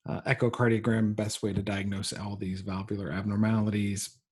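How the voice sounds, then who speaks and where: A man giving a recorded medical lecture, pausing often with ums and uhs. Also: on the low side, little pitch movement, darkish tone, husky. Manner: halting, frequent ums and uhs.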